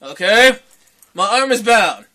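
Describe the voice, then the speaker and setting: A young man chats on a podcast with a very bright, ringing voice that sits high for a man. He tells a wild story in an animated way, acts out what others said and swears freely. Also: measured pace. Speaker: podcast co-host. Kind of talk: casual storytelling chat.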